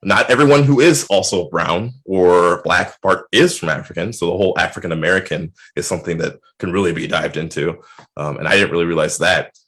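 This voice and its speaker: A man speaking as a guest in a casual video-call chat, earnest and animated as he acts out what other people said to him. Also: low voice, fairly quick. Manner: earnest, animated retellings with lively quoted voices.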